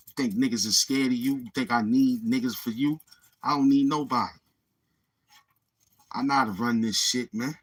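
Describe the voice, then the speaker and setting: Man, New York accent, husky voice, boastful trash talk, livestream host. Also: mid-range voice, a bit bright. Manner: boastful, taunting street slang. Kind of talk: live-stream trash talk.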